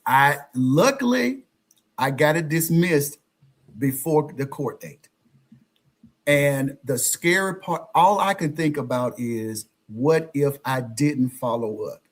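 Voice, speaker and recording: Animated male podcast guest telling stories. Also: on the high side, slow pace. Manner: animated, acts out quoted exchanges. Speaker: podcast guest, social media influencer. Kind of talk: conversational storytelling.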